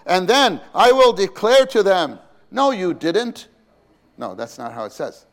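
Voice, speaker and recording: A man's voice: high-pitched, big pitch swings, unhurried, a bit bright. A man preaching a sermon in a conversational way, asking his listeners questions and acting out quoted voices.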